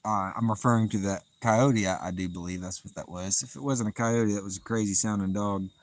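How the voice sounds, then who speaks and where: Man, southern drawl, relaxed chatty fishing host, outdoors at night, crickets behind. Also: fairly low pitch, fairly quick, a little hiss or hum, low-quality recording. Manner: relaxed, chatty, laughs often, easygoing drawl. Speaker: live-stream fishing host. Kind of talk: casual live-stream chat reading out viewer comments.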